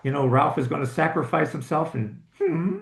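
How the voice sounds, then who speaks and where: A man co-hosting a casual movie chat, joking and halting with restarts. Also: a little high, wildly swooping pitch, vocal fry, echoey room. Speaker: co-host.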